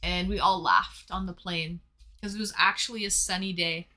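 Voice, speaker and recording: A woman's voice: fairly low pitch, fairly even intonation, normal speed, sharp tone. A young woman hosting a casual live stream from home, reading chat messages aloud in a chatty, playful way. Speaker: livestream host reading chat.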